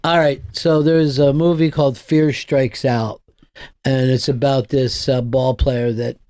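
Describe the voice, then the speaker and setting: A man hosting a podcast in casual chat, telling rambling anecdotes and breaking into loud mock quotes. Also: medium pitch, little pitch movement, a little slow. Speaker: podcast host.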